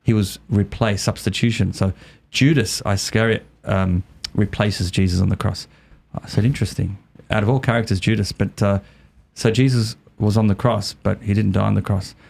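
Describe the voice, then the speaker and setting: A man with an Australian accent, a podcast guest telling a story in a lively way, often repeating and restarting his words. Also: fairly low pitch, normal speed, vocal fry, hardly any pauses. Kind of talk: casual storytelling.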